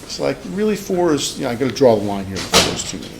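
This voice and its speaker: A man's voice: fairly low pitch, very fast, vocal fry, heavy background noise. A man, a professor, lecturing to a class and telling a rambling personal story with many fillers and restarts. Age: older. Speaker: psychology professor.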